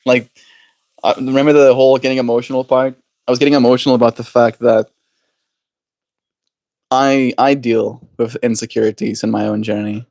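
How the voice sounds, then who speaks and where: A man streaming live, chatting casually and earnestly with viewers, and slowing down to read spiritual cards aloud. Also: mid-range voice, a little mellow, no echo, clean studio sound. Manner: slows into deliberate reading aloud. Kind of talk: casual livestream chat with oracle card reading.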